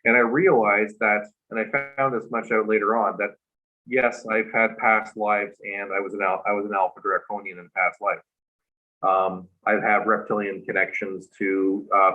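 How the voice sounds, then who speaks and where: A man's voice: fairly low pitch, flat delivery, moderate pace, pushed and bright, lo-fi sound. Earnest man telling a rambling story. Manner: earnest, rambling, heavy with "like" and "you know". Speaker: talk show guest.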